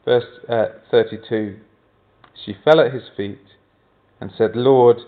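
A man's voice: medium pitch, steady tone, unhurried, long pauses. A man preaching a sermon, earnest, often turning to the congregation with rhetorical questions. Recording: tinny phone-like sound.

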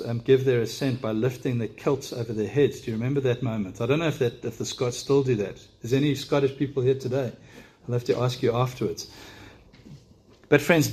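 A man's voice: mid-range voice, darkish tone, husky. A man preaching a sermon in church, speaking earnestly and directly to his congregation, with frequent rhetorical questions.

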